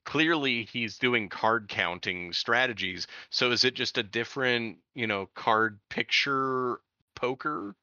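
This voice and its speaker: A man's voice: mid-range voice, takes it slowly, sharp tone, dry recording. A man in a casual film discussion podcast. He is enthusiastic and often laughs between his points. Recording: dull lo-fi sound.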